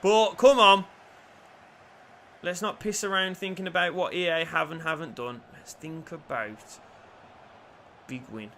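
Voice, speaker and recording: A young man commentating his own football video game, swinging from low mutters to loud shouts and cheeky jokes. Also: moderate pace, gravelly, slight background noise. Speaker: gaming YouTuber.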